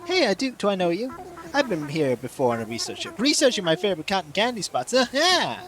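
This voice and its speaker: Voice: medium pitch, wildly swooping pitch, a little fast, music in the background. A streamer doing a smug, lazy squirrel villager.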